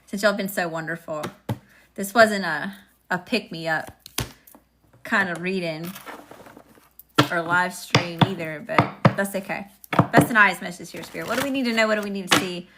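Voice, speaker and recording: A woman's voice: fairly low pitch, normal speed, pauses often, very noisy. Woman, sassy live-stream tarot reader, chatty, talks to viewers.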